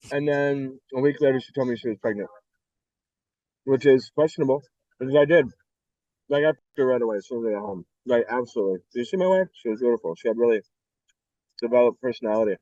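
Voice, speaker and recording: A middle-aged man from the United States, an interview guest telling his story candidly in a blunt, profane, animated way. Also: mid-range voice, no echo, dull audio.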